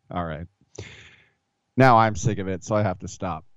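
On a laid-back sports radio show, a male host tells meandering, self-deprecating tales at a normal speed. His low voice is clear and resonant, and the dry, dull studio recording has no echo.

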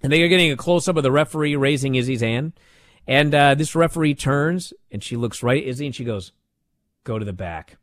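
A man casually recapping a wrestling show, animated and sarcastic as he tells it. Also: a little high, quick pace, no echo.

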